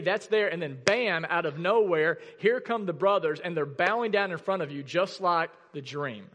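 A man's voice: on the high side, normal speed, few pauses, fairly bright tone, in a large hall. A male pastor preaching a sermon in a church, reading scripture aloud and asking the congregation questions in a conversational way. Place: church sanctuary.

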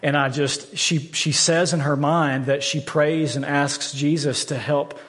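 A man's voice: fairly high pitch, steady tone, measured pace, a bit bright. A man in his thirties preaching a sermon, earnest and candid, often repeating words as he stresses a point. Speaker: pastor. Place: church sanctuary. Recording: long hall reverb from a church.

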